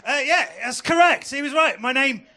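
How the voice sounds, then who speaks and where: On a club stage, a young man does a stand-up set, chatting with the crowd through a handheld mic and tossing in quick asides. His voice is very high-pitched, pushed and bright.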